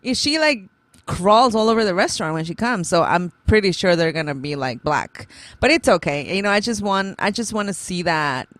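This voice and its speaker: A woman in her thirties co-hosting a podcast, telling a story in lively casual chat and laughing often. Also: mid-range voice, moderate pace, no room sound. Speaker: podcast co-host.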